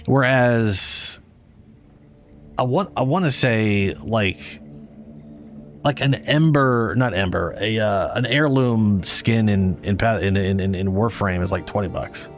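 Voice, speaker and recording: Low-voiced man ranting while gaming. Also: takes it slowly, slight background noise. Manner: profane, ranting, self-correcting. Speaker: streamer. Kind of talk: casual gameplay commentary.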